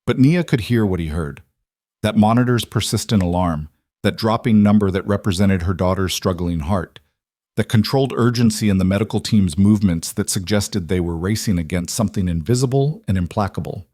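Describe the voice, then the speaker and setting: A man with a low-pitched voice telling a dramatic story in a measured, emotive way. His voice-over is close and dry, with no room sound. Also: darkish tone, no room sound. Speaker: narrator. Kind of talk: scripted dramatic narration.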